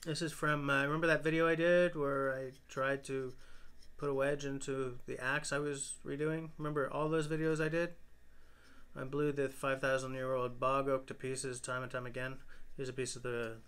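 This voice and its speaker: A man with a bright, clear tone and a middling pitch chats casually on a phone-shot live stream. He sounds tired and rambles along in a relaxed, self-deprecating way. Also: moderate pace. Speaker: bushcraft channel host. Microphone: phone camera.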